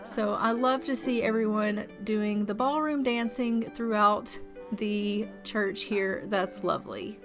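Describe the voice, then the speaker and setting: A woman's voice: mid-range voice, slow. Chatty woman narrating gameplay over music. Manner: chatty, voices the characters playfully. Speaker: gaming channel host. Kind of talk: casual gameplay commentary.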